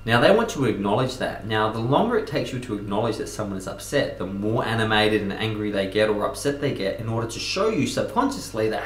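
A man's voice: fairly low pitch, fast talker, a little hiss or hum. A man giving self-improvement coaching in a talking-head video, speaking with energy and emphasis. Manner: energetic, emphatic, acts out customer quotes. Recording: echoey room.

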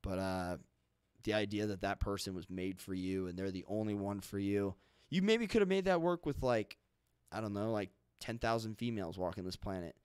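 A man's voice: on the low side, normal speed, darkish tone, clear, resonant tone, no room sound, clean studio sound. A man hosting a podcast, talking in a rambling, laid-back way with lots of "like". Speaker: podcast host. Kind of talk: casual podcast chat.

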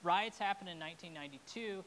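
A woman's voice: on the low side, fast, slight background noise. Earnest, emotional woman pastor preaching. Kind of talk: sermon.

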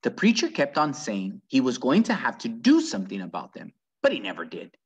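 A man reading a children's book aloud with very lively, animated storytelling. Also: mid-range voice, a little fast, husky. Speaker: reader.

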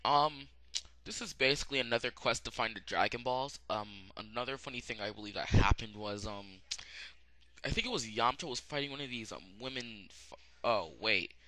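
A young man giving a rambling, casual spoken anime review, full of fillers and sudden excited outbursts. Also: medium pitch, moderate pace, no room sound. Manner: rambling, many "um"s, bursts of loud excitement.

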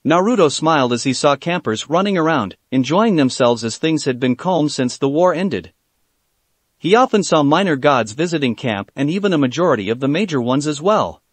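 A man narrating fan fiction aloud in a steady reading voice with occasional stumbles. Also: fairly high pitch, normal speed, dry recording.

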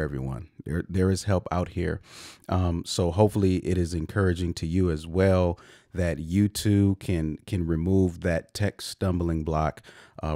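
A man's voice: sits low, darkish tone, no room sound, studio quality. A man hosting a podcast interview, talking in an effusive, casual way with many repeated words and restarts. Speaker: podcast host.

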